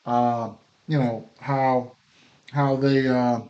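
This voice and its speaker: A man's voice: medium pitch, little pitch movement, very slow, a little mellow, lo-fi sound. A man hosting a casual sports betting picks show, talking loosely with many fillers and restarts, and he has the hiccups. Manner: loose, filler-heavy, repeats himself.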